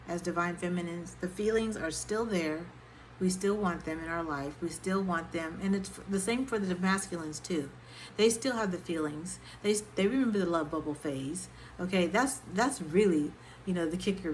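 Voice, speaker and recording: A woman's voice: on the low side, slight background noise, low-quality recording. A woman vlogger and singer-songwriter talking casually to camera and often checking in with her viewers. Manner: conversational, keeps checking in with "okay?". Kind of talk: casual talk-to-camera advice vlog.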